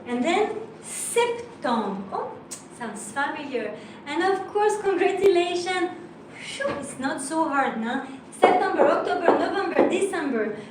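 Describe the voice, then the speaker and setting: French lady teaching a class, high voice, slow and careful, mic far off in a very echoey room. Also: big pitch swings, background noise. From France. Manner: spells out letters slowly, patient and encouraging. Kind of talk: live language lesson.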